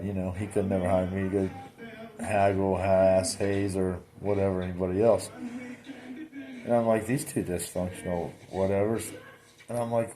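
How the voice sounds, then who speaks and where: In a low voice at a moderate pace, a vlogger tells a casual story with blunt, plain wording. He animatedly acts out what he answered, leaning again and again on "I said."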